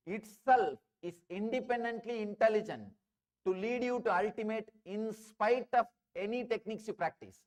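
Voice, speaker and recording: A man with an Indian English accent giving a spiritual discourse, telling parables and repeating phrases for emphasis. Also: high voice. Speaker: spiritual teacher.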